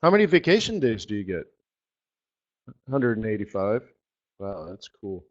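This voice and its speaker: A man's voice: fairly low pitch, big pitch swings, moderate pace. Sarcastic man on dull lo-fi audio. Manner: sarcastic, joking, rambling asides with laughs. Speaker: forex market strategist hosting a live webinar. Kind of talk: live trading webinar commentary.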